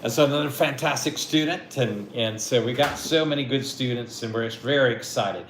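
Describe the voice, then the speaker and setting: A man's voice: medium pitch, moderate pace. Male mock visa officer, encouraging, echoey room, faint hiss. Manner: encouraging, repeats words often. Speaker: mock visa interviewer and consultant. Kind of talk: mock interview and coaching.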